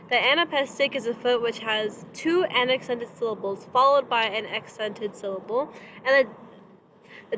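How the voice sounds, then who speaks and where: A woman's voice: a little high, a bit bright, slight background noise. A young woman presenting a poetry lesson from notes, tripping over technical words and giggling at her slips. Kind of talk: reading a prepared lesson.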